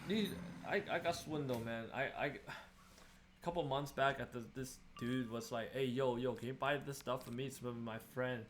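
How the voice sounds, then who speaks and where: A man's voice: mid-range voice, steady tone, moderate pace, noisy background. A young man venting about being swindled while he plays a game, in casual, exasperated commentary. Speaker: gaming streamer.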